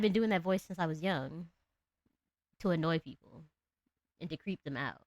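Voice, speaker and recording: A woman with a low alto voice chatting casually with her live-stream viewers, giggling often. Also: normal speed, pauses often, no echo. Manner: chatty, giggly, talks to chat and her cat.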